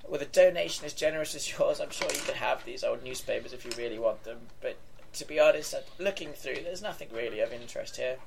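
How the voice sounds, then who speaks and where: A man voicing a tired, fussy old woman, soft and hesitant. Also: mid-range voice, quick pace, vocal fry, background noise, natural voice. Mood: weary.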